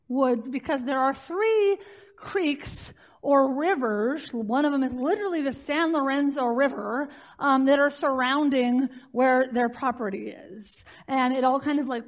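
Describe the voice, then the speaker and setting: Woman w a high voice telling a story to a crowd, chatty, lots of "like," laughs at herself. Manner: animated, chatty, frequent "like" fillers, laughs at herself. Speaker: speaker addressing a live audience. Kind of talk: personal storytelling talk.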